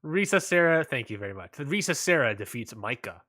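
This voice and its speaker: Bright-voiced laid-back man podcasting. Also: mid-range voice, sing-song, a little fast. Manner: laid-back, trails off, drops quiet at line ends. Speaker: podcast co-host. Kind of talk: casual wrestling podcast chat.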